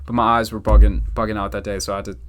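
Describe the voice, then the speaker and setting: A man's voice: fairly low pitch, little pitch movement, very fast, slight background noise. Young male rapper, podcast guest, casual slangy rambler. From Natick, Massachusetts, US. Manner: loose, slangy, rambling with many "like"s. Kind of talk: casual chat.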